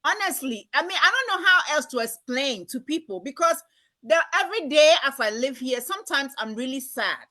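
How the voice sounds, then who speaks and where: A woman from Ghana, hosting a casual chat in an earnest, expressive way with many fillers. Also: high voice, moderate pace, no room sound.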